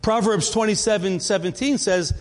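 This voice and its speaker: A man's voice: sits high, normal speed, big-room sound. A man preaching a sermon as pastor, talking in a conversational way and often restarting his sentences. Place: church.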